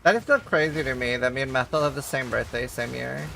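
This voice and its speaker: A man's voice: mid-range voice, fast, vocal fry, pushed and bright, a little hiss or hum. A man chatting casually and joking with viewers while streaming a game. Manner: joking, chatty, laughs often.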